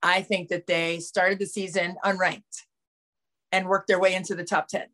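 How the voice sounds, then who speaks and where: A woman basketball analyst co-hosting a podcast in casual chat, her voice raspy today. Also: fairly low pitch, level tone, normal speed, fairly bright tone.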